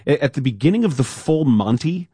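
A man co-hosting a casual sports talk show, telling stories with lively acted-out quotes. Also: medium pitch, fairly quick, slightly rough, dry recording, studio quality. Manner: animated storyteller, acts out quotes. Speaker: podcast co-host.

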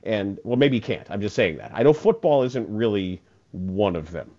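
A man's voice: lowish voice, animated, normal speed, a little mellow, lo-fi sound. A man hosting a casual sports talk radio show, rambling and repeating words as he laughs his way through listener texts.

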